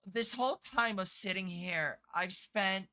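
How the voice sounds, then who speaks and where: Bright-voiced woman game streamer. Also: mid-range voice, unhurried. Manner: chatty, swears freely, answers chat. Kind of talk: casual live-stream chat.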